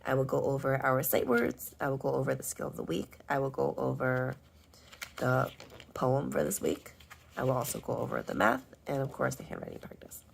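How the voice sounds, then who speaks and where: A woman teaching first graders, going over their homework and spelling out sight words slowly and clearly. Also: extremely low pitch, expressive, slight background noise. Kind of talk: homework walkthrough lesson.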